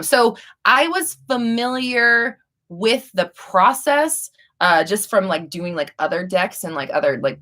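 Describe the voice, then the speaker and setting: A woman's voice: fairly low pitch, pushed and bright. A young woman hosting a live stream, chatting casually and rambling with many fillers and restarts.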